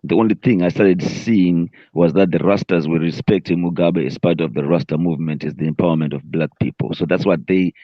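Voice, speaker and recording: Zimbabwean guy, really low voice, talks quick, dry muffled sound. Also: steady tone, no echo. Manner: rapid, switching between English and Shona. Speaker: panel guest. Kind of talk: casual discussion.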